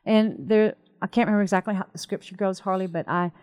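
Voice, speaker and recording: A woman co-hosting a Christian talk show, telling a story in an animated, emphatic way. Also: medium pitch, fast. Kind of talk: conversational faith talk.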